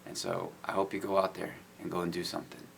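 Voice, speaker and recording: Deep gravelly earnest man. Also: monotone, quick pace, slight background noise. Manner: earnest, many "you know" fillers. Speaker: guest, IT business owner. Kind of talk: casual testimony.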